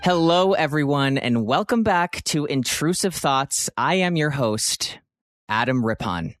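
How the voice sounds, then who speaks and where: A man's voice: on the high side, lively intonation, a little slow, a bit bright, faint music behind. A man in his thirties hosting a comedic solo podcast, playful and theatrical, mock-boastful, with big swings in his voice. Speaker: podcast host.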